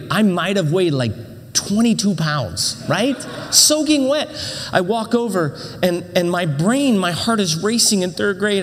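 A middle-aged man preaching with lively, dramatic storytelling, voice pitched a touch high. He restarts phrases and acts out moments as he goes. The sound rings with the long reverb of a church auditorium. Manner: animated, dramatic storytelling with self-interruptions. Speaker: pastor. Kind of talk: sermon storytelling.

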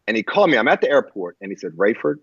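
A man telling a personal story in a halting way, with many fillers and restarts, on a muffled lo-fi recording. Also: fairly low pitch, sing-song, slightly rough, no room sound. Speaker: guest. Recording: muffled lo-fi audio.

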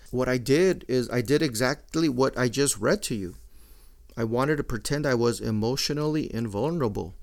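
Man, middle-aged, gravelly, mid pitch, profane, blunt, casual monologue. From Mexican-American. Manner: profane, blunt, mixing Spanish slang into English.

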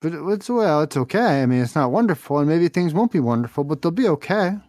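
A man's voice: a little high, expressive, brisk, a little mellow, dry recording. A man making a prank phone call, mock-earnest and pushy, repeating his questions over and over. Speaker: prank caller.

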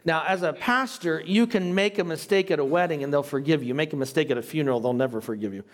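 High-voiced pastor teaching a Bible class. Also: male voice, fast. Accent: non-native English. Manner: conversational, asks the class questions.

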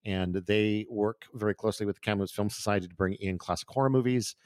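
Low-voiced joking man. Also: fast, a little mellow, smooth, no echo, clean studio sound. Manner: joking, loose, swears casually. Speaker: podcast co-host. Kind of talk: casual chat.

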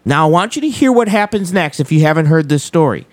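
A man's voice: a little high, expressive, fast, dry recording. Guy hosting a live show, punchy and repeats himself, dry close sound. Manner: emphatic, repeats key points. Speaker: host commenting on a played clip. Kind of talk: live commentary.

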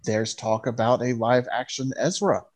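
A man co-hosting a podcast, speaking in a measured way with many hesitations. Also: medium pitch, fairly even intonation, darkish tone. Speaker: podcast co-host. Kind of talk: casual chat.

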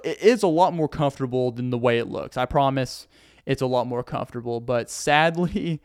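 A man's voice: medium pitch, a little mellow, clear, resonant tone, dry recording, studio quality. Upbeat young man rambling on a podcast. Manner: rambling, upbeat, self-promoting. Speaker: podcast host and comedian. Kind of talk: casual solo podcast chat. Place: a friend's house, indoors.

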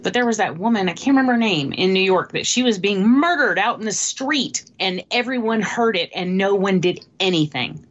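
A woman co-hosts a casual movie podcast in a middle-pitched voice. She talks hesitantly, full of ums and restarts as she works out her thoughts. Her recording sounds dull and slightly muffled. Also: lively intonation, fairly quick, hardly any pauses. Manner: hesitant, lots of ums and restarts, laughs easily. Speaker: podcast co-host. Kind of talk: casual film review chat.

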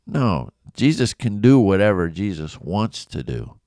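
Slow, smooth-voiced man teaching the Bible. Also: lowish voice, very animated, darkish tone, dry recording, studio quality. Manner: conversational, acts out quoted voices.

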